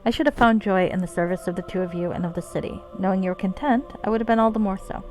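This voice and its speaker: A woman's voice: medium pitch, fast talker, darkish tone, faint music behind, lightly acted. Woman reading as a devoted loyal knight. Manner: formal, earnest courtly speech. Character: devoted male knight companion, loyal and earnest.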